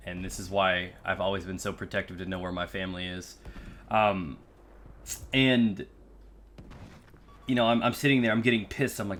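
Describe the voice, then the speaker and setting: Young American man, low voice with a bright edge, earnest storytelling, fillers and restarts, faint background hiss. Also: steady tone, a little fast. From United States. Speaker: YouTube creator. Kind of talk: personal storytelling to camera.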